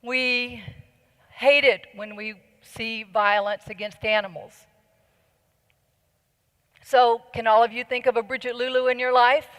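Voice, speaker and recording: A middle-aged woman speaks in a large conference hall, her rather high, slightly bright voice barely moving in pitch. She is unhurried and leaves long pauses, questioning the audience in an earnest, persuasive talk, and the recording carries a long hall reverb.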